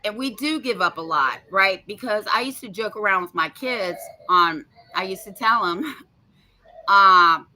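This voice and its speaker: A woman in her fifties, a podcast host telling a story in a casual chat, animated, blunt and feisty, swearing freely. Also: medium pitch, unhurried. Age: 50s.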